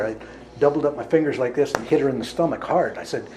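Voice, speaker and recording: A man's voice: mid-range voice, fast, mellow, slight background noise, poor audio. Earnest man telling a vivid story. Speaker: healer giving a talk. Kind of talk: storytelling talk to an audience.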